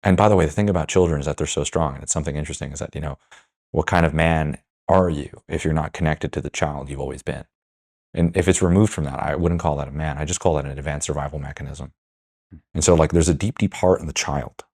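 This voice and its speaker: A man's voice: rumbling low, fast, vocal fry, darkish tone. A man hosting a podcast, talking candidly with guests, blunt and swearing freely. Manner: blunt, swears freely, acts out quoted dialogue. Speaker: podcast host.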